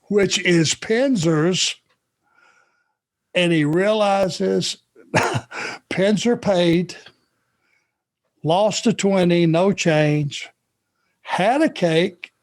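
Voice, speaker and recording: A man from Georgia, co-hosting a podcast and telling a long anecdote in an unhurried, drawn-out way. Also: sits high. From Georgia, USA. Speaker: podcast co-host. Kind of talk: casual storytelling chat.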